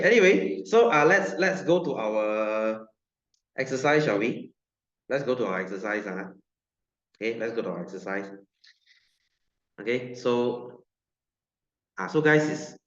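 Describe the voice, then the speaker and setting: A man's voice: mid-range voice, fairly bright tone, echoey room, dull audio. A man with a Malaysian English accent teaching a science class, chatty and joking, laughing often and slipping into Malay.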